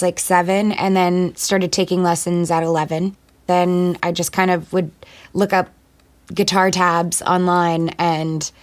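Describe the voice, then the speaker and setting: A woman who sings and acts answers interview questions in a chatty, playful manner, rattling off quick one-word replies. Her voice is fairly low in pitch.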